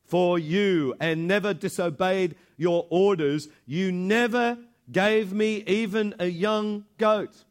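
Brief: man doing a grumbling elder son, pointing the finger, a little higher. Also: steady tone, slow. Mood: resentful. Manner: complaining, accusatory. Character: resentful older brother, grown man, self-righteous.

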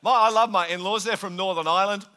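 A man's voice: sits high, fast talker, bright, forceful tone, slight background noise. A man from England preaching a sermon in a conversational, joking way, slipping into mimicked voices. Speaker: pastor.

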